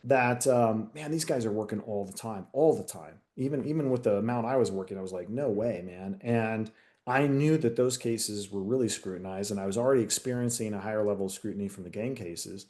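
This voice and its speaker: Man, middle-aged, mellow warm voice, casual storytelling, candid, acts out quotes. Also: lowish voice, brisk. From United States. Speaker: retired detective sergeant, guest.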